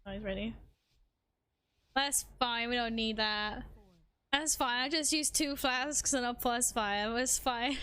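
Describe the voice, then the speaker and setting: High-pitched and sharp, her voice is also clear and resonant. She's streaming a game and chatting easily with viewers and her cat, humming bits of tunes and making brisk self-deprecating comments along the way.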